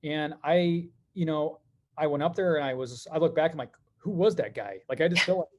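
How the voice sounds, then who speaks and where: A middle-aged man telling stories as a podcast guest, animated and quick, with many fillers. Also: on the high side. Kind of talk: conversational podcast interview.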